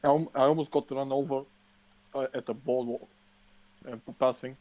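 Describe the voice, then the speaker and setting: A man co-hosting a casual podcast, telling an animated, swear-filled rant. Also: medium pitch, moderate pace. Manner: profane animated ranting storyteller. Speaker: podcast co-host.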